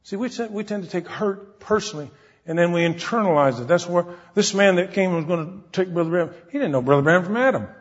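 A pastor with a high-sitting, slightly rough voice preaches fast and animated, giving an earnest, folksy sermon and acting out the people he quotes. The recording is dull, made in a hall with long reverb.

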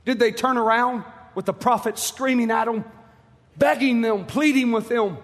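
A man preaching a fiery sermon, impassioned and pleading, rising at times to shouts. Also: extremely high pitch, normal speed, long reverb tail.

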